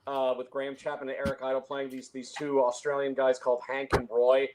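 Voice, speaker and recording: A man's voice: mid-range voice, completely flat delivery, brisk, background noise. A man in a casual film discussion, talking at length with frequent restarts and chuckles. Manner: rambling, many restarts, chuckles. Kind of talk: casual conversation.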